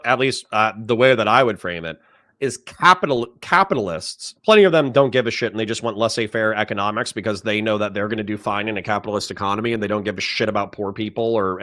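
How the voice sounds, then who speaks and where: A male livestream host with a mid-pitched voice rants and explains in casual, profane commentary. His voice sounds dry and close, with almost no room around it. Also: a bit bright, no echo. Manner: profane, ranting, talks over clips.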